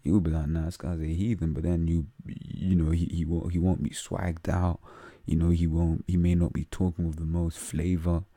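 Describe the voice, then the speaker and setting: Deep gravelly London man explaining scripture. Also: level tone, normal speed, dark tone, no echo. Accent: London English. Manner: reads verses aloud, then explains in slang-heavy speech with many fillers. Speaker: religious teacher. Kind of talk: casual scripture talk.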